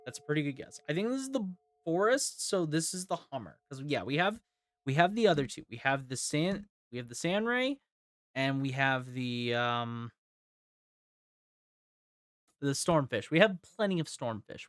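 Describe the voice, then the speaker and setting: A man's voice: medium pitch, big pitch swings, unhurried, soft background music. A tired man streaming a video game live, thinking aloud and rambling with restarts. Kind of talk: live gameplay commentary.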